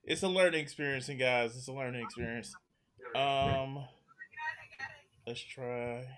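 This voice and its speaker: A man's voice: medium pitch, steady tone, a little slow, fairly bright tone, a little hiss or hum. A man hosting a casual reaction chat show, talking in a loose, profane way. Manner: casual, profane, laid-back storytelling. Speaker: show host.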